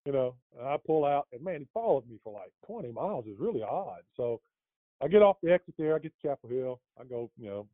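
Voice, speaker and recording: A man's voice: mid-range voice, sing-song, fast talker, no room sound. A middle-aged man telling a long anecdote in a casual interview, rambling with lots of fillers and restarts and chuckling as he goes. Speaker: interview guest. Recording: dry, tinny phone-like line.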